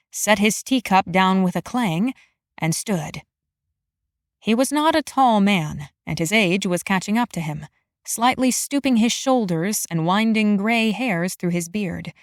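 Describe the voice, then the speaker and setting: A woman narrating a fantasy romance audiobook in an even, measured storytelling manner. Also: mid-range voice, dry recording, studio quality.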